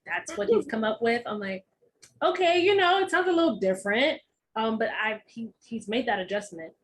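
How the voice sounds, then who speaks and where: A young adult woman from Texas co-hosting a podcast in casual chat, telling stories in an animated way and acting out quoted voices. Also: mid-range voice, breathy edge, low-quality recording. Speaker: podcast co-host.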